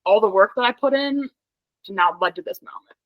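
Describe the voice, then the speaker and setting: A young woman from Pennsylvania, guesting on a podcast, tells an animated story in casual chat, laughing often and saying "like" constantly. Her medium-pitched voice is brisk, the audio dull and without echo.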